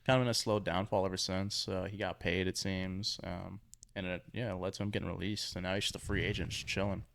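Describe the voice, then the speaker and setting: A young man co-hosting a casual sports podcast, relaxed with lots of fillers. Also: sits low, brisk, vocal fry, dry recording. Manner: relaxed, mumbly filler-heavy. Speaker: podcast co-host.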